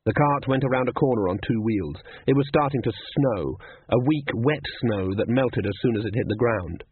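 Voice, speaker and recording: A man reading a novel aloud as an audiobook narrator, steady and voicing each character. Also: medium pitch, normal speed, husky. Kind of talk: scripted narration. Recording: tinny narrow-band audio.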